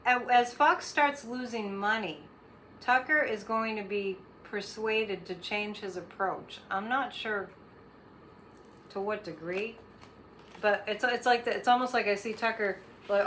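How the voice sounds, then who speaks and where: A woman's voice: mid-range voice, unhurried, a bit bright, a little hiss or hum. A woman hosting her own show, giving psychic readings in a rambling, casual monologue full of fillers and restarts. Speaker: psychic host.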